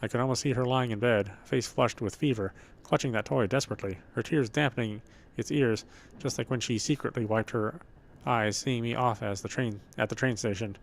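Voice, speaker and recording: A man reading a game's story text aloud while playing, slow and heartfelt, with stumbles and restarts. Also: mid-range voice, creaky, slight background noise. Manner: reads slowly with feeling, stumbles and restarts. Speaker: gameplay streamer.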